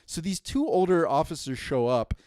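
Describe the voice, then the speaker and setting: A man's voice: a little high, moderate pace, dry recording, studio quality. A man, telling a story on a podcast with lots of restarts and laughter. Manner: animated, laughing, stammering restarts. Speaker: podcast co-host. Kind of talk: casual storytelling chat.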